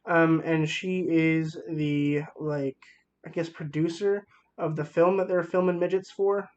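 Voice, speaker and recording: A man's voice: a little high, steady tone, a little slow, dull audio. Rambling young man reviewing a movie. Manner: enthusiastic, rambling with fillers.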